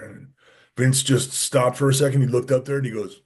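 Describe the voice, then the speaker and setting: A husky-voiced man on a podcast, telling backstage stories in a relaxed, casual way. He slips into a lower, gruffer tone when he quotes other people. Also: normal speed. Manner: animated, acts out quotes with lowered voice. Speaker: podcast guest, former wrestler. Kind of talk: casual storytelling.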